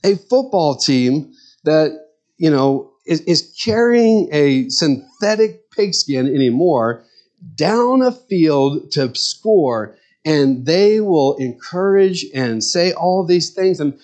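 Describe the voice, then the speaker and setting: A man's voice: on the high side, animated, measured pace, darkish tone. A middle-aged man, a pastor, preaching a sermon in an earnest, conversational way with personal stories.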